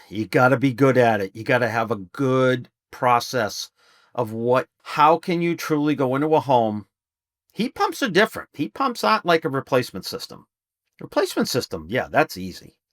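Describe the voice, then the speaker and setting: A man's voice: mid-range voice, big pitch swings, normal speed, fairly bright tone, no room sound, clean studio sound. A middle-aged man, a business trainer, talking casually and emphatically as a podcast guest. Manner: emphatic, salesman-like storytelling. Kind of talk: casual interview talk.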